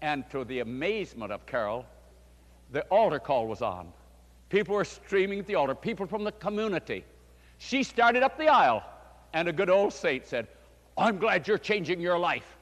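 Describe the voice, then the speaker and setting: A man's voice: fairly high pitch, sing-song, normal speed, a bit bright. An older man, a pastor, preaching a storytelling sermon with fervent emphasis. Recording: long hall reverb.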